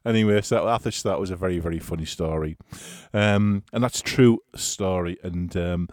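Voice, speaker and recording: Man, low-pitched, casual chatty anecdote teller, dry recording. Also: normal speed, a little mellow, dry recording. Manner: chatty, chuckling, rambling storyteller.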